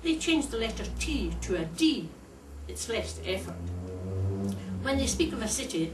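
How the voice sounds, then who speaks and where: A woman's voice: medium pitch, sing-song. Older scottish lady doing a dry funny club speech, echoey room, mic kinda far off. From Scotland. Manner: wry, measured, deliberate delivery. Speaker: speakers club contestant. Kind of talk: prepared humorous speech. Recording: echoey room, distant mic, faint hiss.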